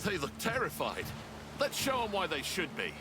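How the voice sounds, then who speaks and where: A man's voice: sits high, wildly swooping pitch, normal speed, sharp tone, exaggerated voice. A man voicing a battle-ready pirate crewman in a video game, with a bold, rallying delivery. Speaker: pirate crew member in a game.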